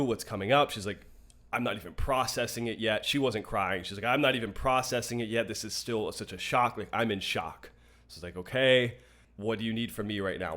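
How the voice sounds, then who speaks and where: A man's voice: fairly low pitch, fairly bright tone. A young man co-hosting a podcast, telling an emotional personal story in an earnest, open way with frequent restarts. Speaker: podcast co-host. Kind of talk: casual podcast conversation.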